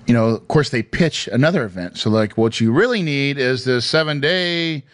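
A man's voice: medium pitch, lively intonation, moderate pace, no room sound. A middle-aged man and real estate investor telling an emotional personal story into a mic, earnest and emphatic, with restarts. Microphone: studio mic.

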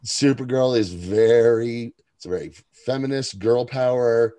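A man's voice: mid-range voice, unhurried, mellow, clear, resonant tone. A man co-hosting a podcast in casual chat, wry and sarcastic. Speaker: podcast co-host.

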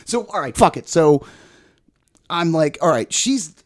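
A man's voice: on the high side, very animated, a little slow. A man in his forties telling a personal story in casual chat as a podcast guest, rambling, profane and often laughing.

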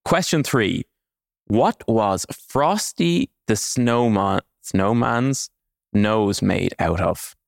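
Man in his thirties, gravelly edge, dry close sound, playful quiz host. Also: fairly low pitch, expressive, extremely slow, no room sound. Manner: teasing, joking. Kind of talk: casual quiz banter.

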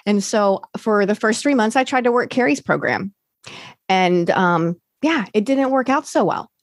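A woman's voice: mid-range voice, lively intonation, a little slow, dry recording, studio quality. A woman, now a recovery coach, candidly telling her recovery story in a rambling way, full of fillers and restarts.

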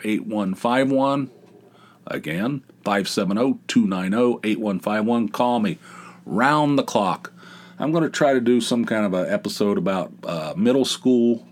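Low-voiced man hosting a rambling podcast. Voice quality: big dopey voice. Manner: rambling, self-deprecating, many restarts. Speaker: podcast host. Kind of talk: casual solo podcast monologue.

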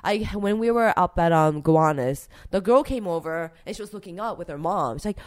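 A young woman chatting in an interview, her pitch swinging widely as she talks. She rambles with plenty of fillers and gets emotional about her work. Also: animated, fairly quick, few pauses. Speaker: interviewed street artist. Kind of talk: casual interview talk.

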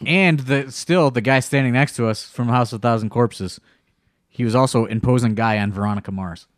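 A man's voice: mid-range voice, normal speed, no echo, clean studio sound. A man co-hosting a casual podcast, profane and exasperated, cutting in with blunt remarks. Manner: profane, exasperated, heavy swearing. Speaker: podcast co-host.

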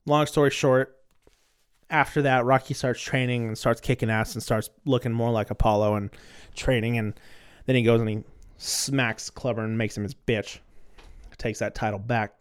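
Man, podcast host, casual storytelling, swears, repeats words, smooth, flat delivery. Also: mid-range voice, moderate pace. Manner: candid, swears freely, repeats words as he restarts. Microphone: recording on two cameras.

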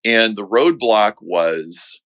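A middle-aged man as a podcast guest, slowly and earnestly recounting a personal story in a reflective way. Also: fairly low pitch, lively intonation, fairly bright tone, no echo, poor audio. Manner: slow, reflective, earnest telling.

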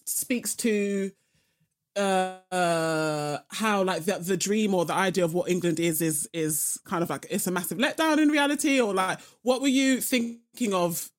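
A woman co-interviewer works her way through a long question hesitantly. She hedges and fills her pauses as she goes. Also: mid-range voice. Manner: hesitant, many fillers and hedges.

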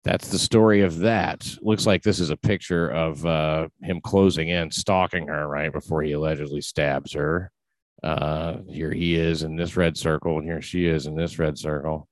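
A man's voice: extremely low pitch, steady tone, moderate pace, no room sound. A man hosting a podcast, talking casually in a rambling, profane way with many restarts. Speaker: podcast host. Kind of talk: casual chat.

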